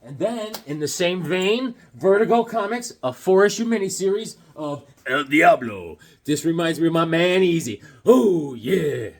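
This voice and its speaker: A man's voice: a little high, measured pace, hardly any pauses. A man casually telling a childhood story and showing comics from his collection, acting out yelps and other voices along the way. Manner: animated, acts out voices and yelps mid-story.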